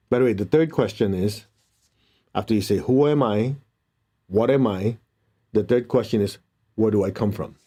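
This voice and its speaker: Man, meditation teacher, calm gentle guidance, mellow dark voice, middle pitch. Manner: calm, slow, gentle instructions.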